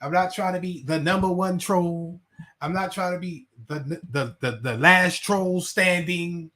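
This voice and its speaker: A man's voice: sits high, unhurried, sharp tone. A man hosting a casual livestream, rambling, laughing and reading chat names aloud. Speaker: livestream host.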